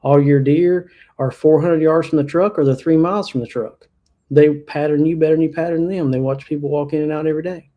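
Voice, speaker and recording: A man's voice: on the high side, fairly even intonation, a little fast, lo-fi sound. A man from Kentucky, a hunter guest on a podcast, talking casually with lots of fillers and restarts. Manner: plainspoken, many fillers and restarts. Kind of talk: casual interview chat.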